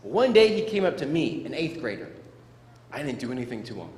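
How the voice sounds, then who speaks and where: A middle-aged man giving a playful, animated storytelling speech to students as a motivational speaker, in a large school hall. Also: mid-range voice, fairly quick. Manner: animated, playful, acts out sound effects. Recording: echoey hall with faint room noise.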